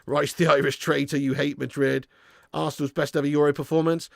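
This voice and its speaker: A man hosting a live football watch-along, commentating excitedly and chatting casually with viewers in the comments. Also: fairly high pitch, brisk, creaky, no echo, clean studio sound. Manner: excitable, jumps up at big moments. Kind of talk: live match commentary reading chat.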